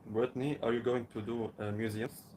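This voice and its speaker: A man chiming in with brief, soft-spoken remarks from off-mic during a casual chat. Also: medium pitch, fairly even intonation, fairly quick, a little hiss or hum, poor audio.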